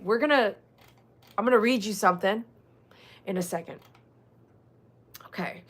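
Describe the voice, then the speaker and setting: Reading out the chat and trading jokes and laughs, a middle-aged Texan woman who works as a dog groomer talks casually on a livestream. Her voice is on the low side with a fairly bright tone.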